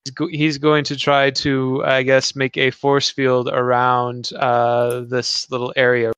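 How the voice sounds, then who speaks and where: A man's voice: mid-range voice, monotone, slow pace, a bit bright, clear, resonant tone, no echo. A man playing a tabletop game, hesitant and full of ums. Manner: hesitant, many ums and uhs. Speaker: player.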